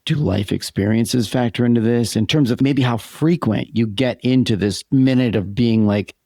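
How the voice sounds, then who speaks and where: A man co-hosting a podcast with his wife, agreeable and a bit halting, with lots of yeahs and restarts. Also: medium pitch, vocal fry, dark tone, dry recording, studio quality. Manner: agreeable, halting, backchannels a lot. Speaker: podcast co-host. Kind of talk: conversational podcast chat.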